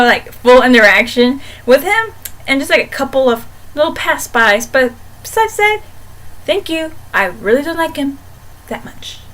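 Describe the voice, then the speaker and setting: A young woman giving a casual book review on her vlog, animated and playful, breaking into dramatic shouted asides. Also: fairly high pitch.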